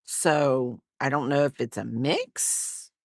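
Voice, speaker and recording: A woman's voice: extremely low pitch, slow pace, no room sound, clean studio sound. A woman hosting a crafting livestream, rambling and chatty, often apologizing for herself. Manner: rambling, chatty, self-deprecating. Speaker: livestream host. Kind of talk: casual livestream chat. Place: home, crafting while streaming.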